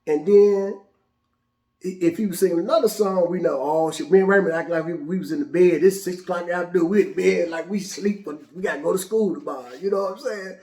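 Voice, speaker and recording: Higher-voiced man telling a story in an echoey room. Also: fairly quick. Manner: animated, casual, profane, restarts often. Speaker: show host. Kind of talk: personal storytelling.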